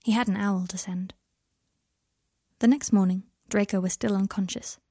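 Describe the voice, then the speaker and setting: A woman narrates a story in an even, quiet manner. Her voice is husky and sits at a middle pitch. The recording is close and dry. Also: moderate pace, no echo. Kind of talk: storybook reading.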